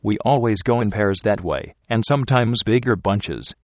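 A man voicing a rough young working-class husband who talks in slangy speech with dropped endings. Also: fairly low pitch, moderate pace, no echo, studio quality, lightly acted. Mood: amused. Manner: slangy drawl, dropped g's.

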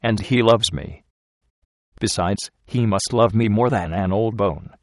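A stubborn, tender young woman who coaxes slowly and insistently, voiced by a male audiobook reader. The voice stays low and close, recorded dry. She is soft yet firm. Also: no echo, natural voice. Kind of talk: audiobook character reading.

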